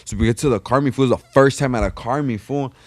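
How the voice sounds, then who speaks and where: A man's voice: mid-range voice, fast talker, no echo. A man telling a story on a podcast in a slangy, profane way. He keeps calling his listener "fool.". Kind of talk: casual chat, storytelling.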